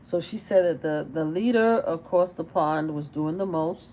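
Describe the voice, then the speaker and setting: A woman's voice: sits low, normal speed, warm tone, a little hiss or hum. A middle-aged woman hosting a casual reaction livestream, chatting and firing off exasperated, repeated rhetorical questions. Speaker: livestream commentator.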